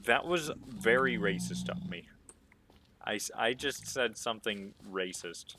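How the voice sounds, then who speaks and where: A man's voice: on the low side, lively intonation, measured pace, noisy background. A man chatting casually while playing a game, rambling through jokingly provocative opinions. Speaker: gaming streamer. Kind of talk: casual gameplay commentary.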